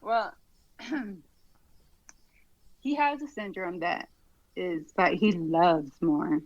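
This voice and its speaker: A woman guest on a podcast, talking in a relaxed, rambling way with lots of fillers. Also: lowish voice, drawn-out words, no room sound, dull audio. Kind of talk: casual conversation.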